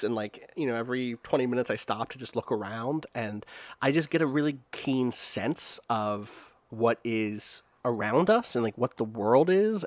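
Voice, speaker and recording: A man in a relaxed tabletop game chat, wandering through his thoughts with fillers and restarts. His mid-pitched voice sounds close and dry, with no room around it. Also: no echo. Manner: rambling, many fillers and restarts. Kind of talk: casual chat, describing a character's scene.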